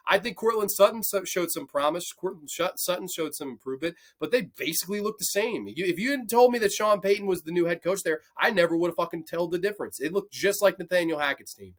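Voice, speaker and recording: A young man with a slightly high voice hosts a football betting picks show. He talks in a loose, casual way, swearing constantly and working himself up into heated rants. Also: a bit bright. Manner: profane, passionate ranting. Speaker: sports picks host. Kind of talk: casual sports betting commentary.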